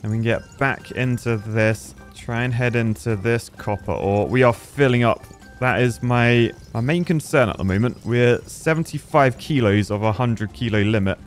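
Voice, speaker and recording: A man giving casual, excitable gameplay commentary, chatting and exclaiming at what he finds. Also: mid-range voice, moderate pace, faint music behind. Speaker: gaming YouTuber.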